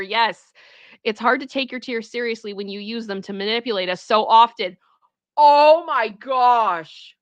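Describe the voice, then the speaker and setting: A woman streamer reading a story aloud for the first time and breaking in with animated, exclaiming reactions. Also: a little high, no room sound. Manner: animated, exclaiming reactions between read passages.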